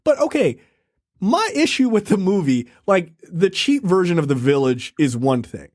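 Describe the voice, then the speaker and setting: Guy ranting about a movie, high lively voice, dry close mic. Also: normal speed, dry recording. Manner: animated, profane, laughing. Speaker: podcast co-host. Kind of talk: casual review chat.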